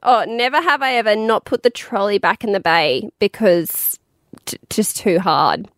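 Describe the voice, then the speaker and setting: A woman, co-hosting a casual chat, giggling and swearing in quick asides. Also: medium pitch, dry recording. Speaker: podcast co-host.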